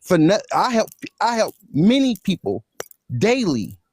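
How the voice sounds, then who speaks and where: A man's voice: high-pitched, huge pitch swings, measured pace, a little mellow, breathy edge, no room sound. A man arguing heatedly in a live online debate, aggressive and profane, repeating himself and hurling threats. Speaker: social media personality in a live debate.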